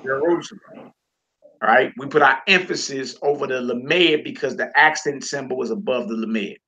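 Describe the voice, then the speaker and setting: A man teaching a casual homeschool Hebrew lesson, slowly drawing out and repeating each word for his students. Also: mid-range voice, sharp tone, slightly rough.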